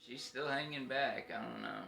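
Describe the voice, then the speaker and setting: A man chatting casually in a gruff manner with heavy cursing. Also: mid-range voice, moderate pace, sharp tone. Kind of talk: casual chat. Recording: roomy echo with faint music.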